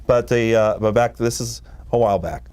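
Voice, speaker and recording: A man's voice: mid-range voice, normal speed, a little mellow, clean tone. A man, a magician guest on a TV talk show, telling a rambling anecdote and laughing often. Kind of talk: casual anecdote. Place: TV studio.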